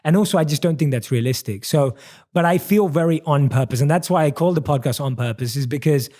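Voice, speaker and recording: A man's voice: a little high, a little fast, mellow. A man in his thirties with a British accent, hosting a casual podcast interview and thinking aloud in a reflective, searching way. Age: 30s. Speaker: podcast host.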